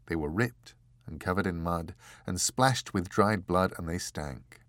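A man narrating an audiobook in an unhurried, expressive reading. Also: low voice, no room sound, clean studio sound. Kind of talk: scripted narration.

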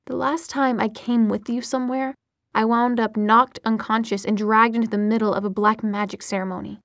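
A woman reading an audiobook, voicing a fierce young woman who speaks in a sharp, urgent way. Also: a little high, level tone, moderate pace, no echo, studio quality.

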